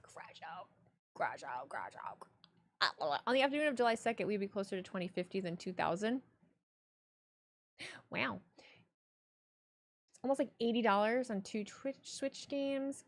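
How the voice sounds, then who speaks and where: A young adult woman streaming live, reading chat and talking in a blunt, profane, animated way. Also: fairly high pitch, moderate pace, long pauses.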